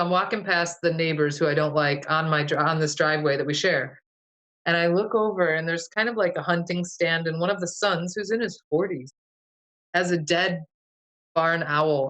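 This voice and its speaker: A woman guest who is a folk herbalist describes a vivid dream during a casual storytelling interview, loosely and full of "like" and "you know." Her voice is lowish and a bit bright, and the audio quality is poor.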